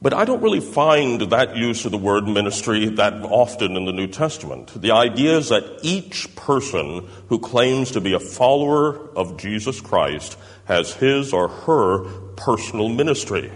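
Animated preacher man, echoing hall. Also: lowish voice, measured pace, hardly any pauses. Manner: explains with tag questions. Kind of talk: sermon. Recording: reverberant hall.

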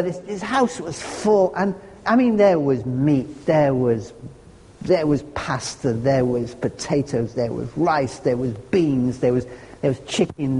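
A man's voice: fairly high pitch, dark tone, a little hiss or hum. A man preaching a sermon, earnest and conversational, with homely humorous asides. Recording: long hall reverb.

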